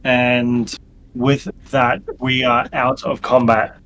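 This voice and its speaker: A man narrating as game master for a tabletop game, halting with frequent ums and restarts. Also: medium pitch, flat delivery, a bit bright, a little hiss or hum.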